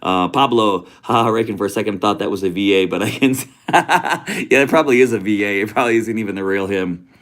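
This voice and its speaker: A man's voice: lowish voice, quick pace, fairly bright tone. A man hosting a casual livestream from his home office, greeting viewers with easygoing slang. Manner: laid-back, greets viewers with slang like homie and brother. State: a bit out of breath. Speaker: livestream host.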